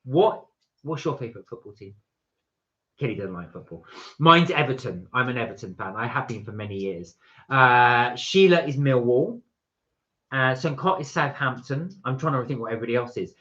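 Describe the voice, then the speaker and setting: A man's voice: mid-range voice, lively intonation, a little fast, fairly bright tone. A man co-hosting a casual live stream, chatting with viewers and reading out their comments, rambling and correcting himself as he goes. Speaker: co-host of a live chat stream. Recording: dull lo-fi live-stream audio.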